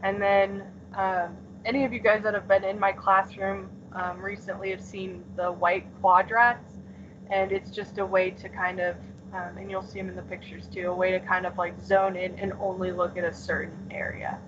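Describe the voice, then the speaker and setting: A woman's voice: medium pitch, flat delivery, moderate pace. A woman teaching a class over a video call, explaining casually with lots of "um" and "like". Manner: casual, filler-heavy explaining with many "um" and "like". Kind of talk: remote class lesson. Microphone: computer mic on a video call. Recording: dull lo-fi call audio, faint hiss.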